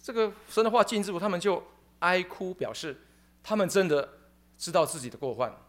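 A man preaching a sermon in short phrases, animated and emphatic, often repeating his words. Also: sits high, fairly quick. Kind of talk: sermon with live interpretation.

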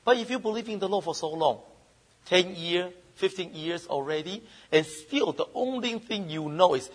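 Male pastor preaching, husky voice, lively swooping pitch, slightly high, loud then hushed. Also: moderate pace. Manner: animated, shifts between loud emphasis and soft asides; mimics whining child voices in falsetto. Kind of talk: sermon.

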